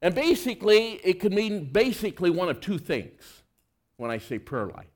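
This sermon comes from a male preacher with a notably high voice, speaking earnestly and conversationally at a moderate pace with big pitch swings. He leans into emphatic moments, then sinks into soft, low stretches.

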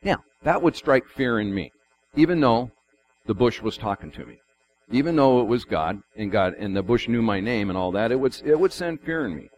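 A man's voice: medium pitch, big pitch swings, moderate pace, darkish tone, dull audio. A man preaching a casual, conversational sermon, folksy and given to repeating his phrases.

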